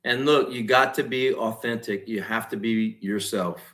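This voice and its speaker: A man's voice: lowish voice, normal speed. A man in his forties with a Louisiana Cajun accent, telling stories on a podcast and acting out quotes. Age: 40s. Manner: animated storyteller who acts out quotes loudly. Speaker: guest comedian and content creator. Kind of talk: casual podcast storytelling.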